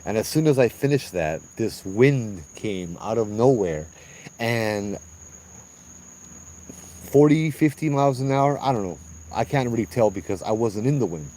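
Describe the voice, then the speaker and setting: Low-voiced man telling ghost stories. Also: a little slow, low-quality recording. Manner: animated, reenacts what people said, frequent restarts. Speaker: ghost tour guide. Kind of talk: storytelling on a walking ghost tour. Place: outdoor trail at night.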